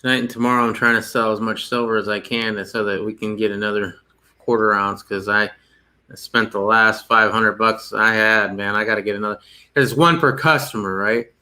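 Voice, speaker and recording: Bright-voiced joking man. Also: fairly low pitch, steady tone, normal speed. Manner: laughs often, jokey and loose. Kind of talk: casual livestream chat.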